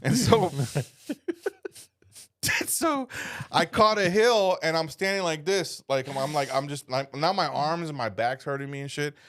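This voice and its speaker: Young dude on a comedy podcast, kinda high voice, swearing nonstop, rambly story, yells out impressions. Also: male voice, measured pace. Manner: profane, rambling, animated with shouted impressions. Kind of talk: casual storytelling chat.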